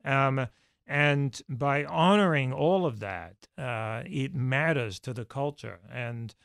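A man with a gravelly voice talks through his answers in a halting, reflective way. His many fillers and restarts make it sound unscripted. The sound is dry and close. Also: medium pitch, fairly bright tone, no room sound. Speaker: podcast guest, former studio executive. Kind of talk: conversational interview answers.

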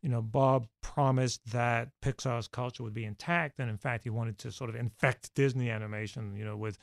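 Gravelly, halting man in an interview. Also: mid-range voice, steady tone, dry recording, studio quality. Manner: halting, many restarts and fillers, thoughtful. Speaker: podcast guest, former studio executive. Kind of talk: conversational interview answers.

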